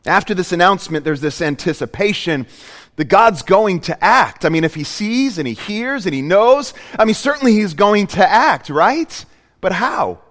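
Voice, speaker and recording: High-voiced man preaching in a reverberant hall. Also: sing-song, normal speed, a bit bright. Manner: earnest, storytelling with emphatic repetitions. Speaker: pastor. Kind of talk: sermon.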